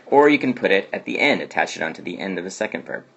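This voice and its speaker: A man's voice: low-pitched, animated, fast, fairly bright tone. A man teaching a Spanish grammar lesson who explains patiently and keeps asking "okay?" to check understanding.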